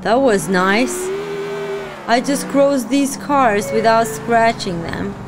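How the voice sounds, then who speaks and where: Excitable woman reacting to a game. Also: on the high side, slow pace, background noise. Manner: excitable, exclaiming and swearing at the game. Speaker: gaming channel host. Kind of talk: casual let's-play reaction commentary. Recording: game sounds under voice.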